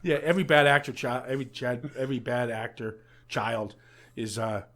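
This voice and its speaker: A man's voice: medium pitch, fairly even intonation, moderate pace, a bit bright. A man on a podcast recapping a film in casual chat, swearing often, laughing a lot and acting out the characters' lines. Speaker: podcast co-host.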